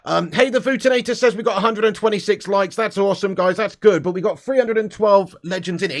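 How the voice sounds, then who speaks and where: A man's voice: high voice, fast, hardly any pauses. A man hosting a casual live-stream fan show, blunt and sweary, laughing between rants.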